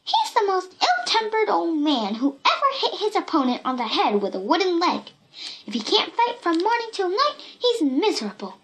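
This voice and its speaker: A woman voicing a cheeky red-haired girl who tells tall tales in a shrill, playful voice in a storybook reading. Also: wildly swooping pitch, moderate pace, fairly bright tone, heavily acted. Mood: boastful. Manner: shrill, playful, fibbing with a straight face.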